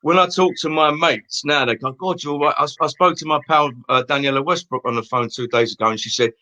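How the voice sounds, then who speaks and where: A man's voice: a little high, brisk, sharp tone. A man in his fifties with an Essex accent, chatting casually as an interview guest and telling rambling anecdotes. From Essex, England. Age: 50s. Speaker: stage singer and guest. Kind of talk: casual chat.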